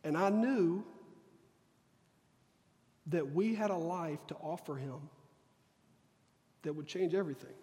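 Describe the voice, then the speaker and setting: A man's voice: a little high, slow, pauses often, dark tone, in a large hall. A man preaching a sermon, telling a personal story earnestly and acting out the dialogue. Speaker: pastor. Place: church sanctuary.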